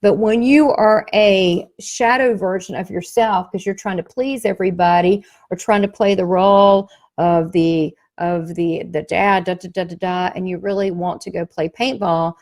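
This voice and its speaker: Speaking at medium pitch and a touch slowly, this Southern workshop host and psychic medium promotes her class. Her motivational talk comes through emphatic, folksy, animated stories.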